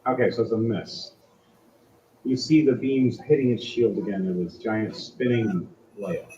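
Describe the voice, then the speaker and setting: A man's voice: on the low side, a little slow, dark tone, muffled recording, a little hiss or hum. A man running a tabletop game as game master, narrating casually with frequent fillers.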